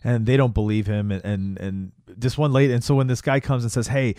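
A man's voice: medium pitch, fairly quick, mellow, dry recording, clean studio sound. A man talking casually about a film, rambling and swearing, often checking in with "right?". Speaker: podcast co-host.

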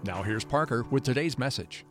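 A man reading a short scripted podcast announcement in a plain, even way. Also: medium pitch, normal speed, soft background music.

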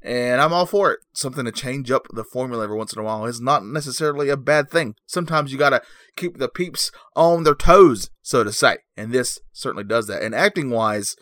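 A man giving a mock-serious comedic movie review in a deadpan, rambling, mock-earnest way. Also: medium pitch, no room sound, clean studio sound.

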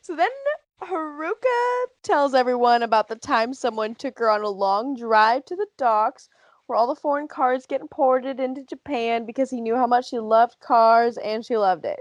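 A woman's voice: fairly high pitch, moderate pace, no echo, highs cut off. A woman co-hosting a casual podcast chat, recapping a show and laughing often. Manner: lively recap with frequent laughs and fillers. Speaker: podcast co-host.

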